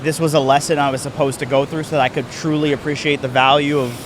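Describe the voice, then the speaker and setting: A man co-hosting a podcast, calm and measured, gently asking questions. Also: on the high side, background noise. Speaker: podcast co-host. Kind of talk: candid podcast conversation.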